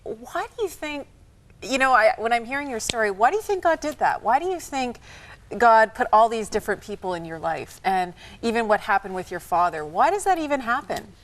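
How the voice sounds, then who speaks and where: A woman's voice: a little high, very animated, brisk. A woman co-hosting a talk show, asking the guest earnest, probing questions. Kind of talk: interview questions.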